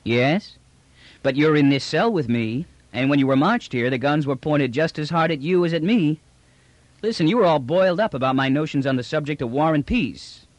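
A man's voice: on the high side, expressive, moderate pace, no echo, highs cut off, voice pushed up, close to an everyday voice. A man narrating a story, voicing a bulky, brash space trader who talks bluntly in casual slang. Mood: pushy. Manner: blunt, wheedling street talk.

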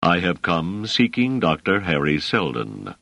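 A man plays a hulking uniformed sergeant in a spoken storybook, low and rumbling. He speaks slowly and formally, each syllable deliberate. The reading is dry and close-miked. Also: sing-song, creaky, bright, forceful tone, no echo, highs cut off, heavily acted. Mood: stolid. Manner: slow, stolid, formal. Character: gruff, commanding soldier-sergeant with slow rolling bass. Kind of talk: audiobook character reading.

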